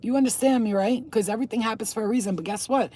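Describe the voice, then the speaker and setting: Husky, blunt, foul-mouthed woman vlogger. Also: fairly high pitch, rapid-fire, warm tone. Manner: blunt, profane and emphatic; talks straight to the camera, addressing viewers. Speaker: spiritual healer and reader. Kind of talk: casual vlog talk to viewers.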